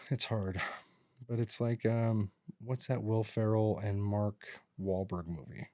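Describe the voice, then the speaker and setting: A man with a fairly low voice co-hosts a podcast from a studio. He chats casually and rambles through family stories, acting out his relatives' lines along the way. The sound is dry and close, with no room echo. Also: steady tone, takes it slowly, dark tone. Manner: rambling storyteller who acts out relatives' lines. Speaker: podcast co-host. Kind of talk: casual chat.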